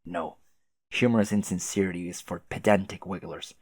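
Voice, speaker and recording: A man voicing a stiff, formal, muscular teenage boy troll aristocrat who speaks quietly and precisely. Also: deep voice, steady tone, moderate pace, dry recording, clean studio sound.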